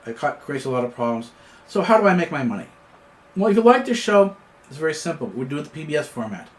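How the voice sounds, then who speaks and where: His voice sits a little high, swings widely in pitch, and moves at a quick pace. He's a Canadian host of an independent news commentary show, giving an off-the-cuff political monologue with many fillers and restarts.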